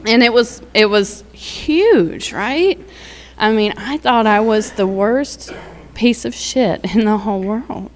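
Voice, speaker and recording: Sharing her own recovery story as a testimony, this woman speaks slowly in a fairly high voice, with a little hiss or hum in the background. She is candid and rambling, laughing often and using many fillers.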